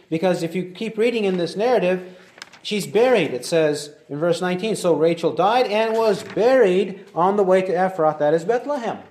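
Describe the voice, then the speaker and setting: A man teaching verse by verse through a Bible passage, reading verses slowly and deliberately. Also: sits high, a little mellow. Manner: deliberate, slows to read verses aloud. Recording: roomy echoey recording.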